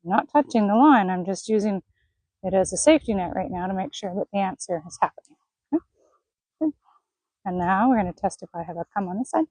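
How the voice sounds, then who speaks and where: A woman horse trainer in an outdoor arena, gently praising and coaxing a horse while explaining her training to viewers. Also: medium pitch, animated, brisk, pauses often, slightly rough, dry recording, rough recording.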